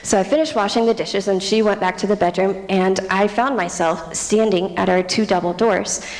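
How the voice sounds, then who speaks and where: A young woman giving a personal testimony in a church, speaking earnestly and often dropping to a hushed near-whisper. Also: mid-range voice, steady tone, moderate pace. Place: church sanctuary. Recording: reverberant church hall.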